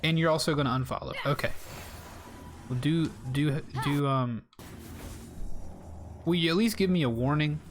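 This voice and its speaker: A man's voice: a little high, normal speed, long pauses, a little hiss or hum. A young man from South Carolina, chatting in a rambling way to his viewers while playing a game on a live stream. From South Carolina, United States.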